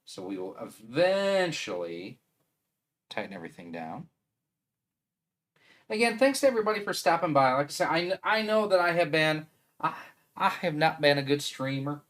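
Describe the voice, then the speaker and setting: A man's voice: fairly high pitch, lively intonation, normal speed, long pauses, fairly bright tone. A man with a Wisconsin accent chatting casually on a live stream, rambling and thinking aloud as he assembles a 3D printer.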